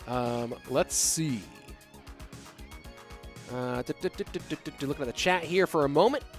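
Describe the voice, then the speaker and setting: Male caster, slightly high voice, excitable play-by-play mixed with loose chat, faint music underneath. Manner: excitable on big plays, rambling and relaxed when reading chat. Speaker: esports caster. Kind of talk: play-by-play commentary with chat banter.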